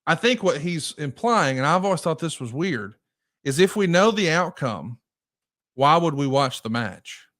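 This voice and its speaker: A man's voice: on the high side, big pitch swings, a little slow, fairly bright tone. A man co-hosting a podcast, chatting casually and prodding with questions. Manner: conversational, prompts with questions. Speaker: podcast co-host. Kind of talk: casual chat.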